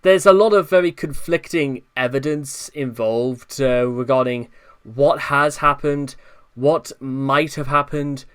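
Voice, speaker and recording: A man's voice: mid-range voice, slow, fairly bright tone, clear, resonant tone. A man hosting an online commentary video, reading notes and breaking off in exasperated, rambling asides. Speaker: commentary channel host.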